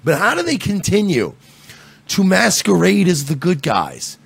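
A man's voice: high-pitched, wildly swooping pitch, measured pace, vocal fry, husky, no echo. A man hosting a podcast, ranting and swearing in an angry, exasperated way. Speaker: podcast host. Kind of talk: profane casual commentary.

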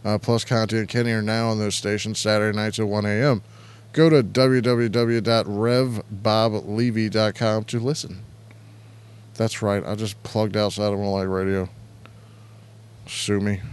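A man's voice: lowish voice, creaky, clear, resonant tone. A man hosting an internet radio show, chatting casually and crudely, rambling and reading out chat messages. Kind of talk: casual live-stream chat.

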